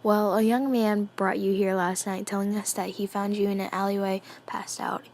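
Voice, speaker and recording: Soft-spoken kind nurse, a woman reading her lines, mid-pitched, storybook reading. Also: flat delivery, moderate pace, close to an everyday voice.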